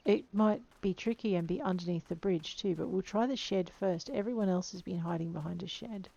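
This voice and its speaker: Woman playing a game, chatty, playful, gravelly voice, dull lo-fi sound, faint music. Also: fairly low pitch, brisk, dark tone. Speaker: game player. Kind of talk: let's play commentary.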